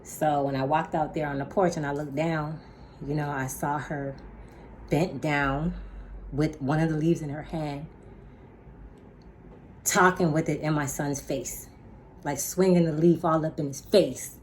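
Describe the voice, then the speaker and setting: A woman telling a story casually, emphatic and animated, with laughs and slang asides. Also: low voice, unhurried, pauses often, a little hiss or hum. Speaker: storyteller vlogger.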